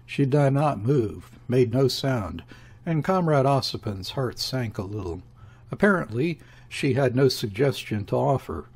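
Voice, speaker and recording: Guy narrating an old novel audiobook, steady reading, kinda husky voice. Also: mid-range voice, a little slow. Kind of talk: scripted narration of a classic novel.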